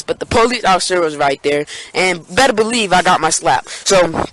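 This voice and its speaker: Young man telling a rambling, high-pitched story. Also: expressive, normal speed, a bit bright, slight background noise, poor audio. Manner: rambling, many fillers and restarts, acts out scared friends in high squeaky voice. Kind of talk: casual storytime vlog.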